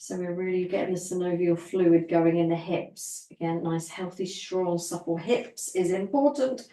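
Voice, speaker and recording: A woman teaching a guided Pilates session, giving calm, encouraging step-by-step cues for breathing and movement. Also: lowish voice, moderate pace, recorded from a distance. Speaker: Pilates instructor. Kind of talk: guided exercise class. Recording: roomy echo, voice from off the mic.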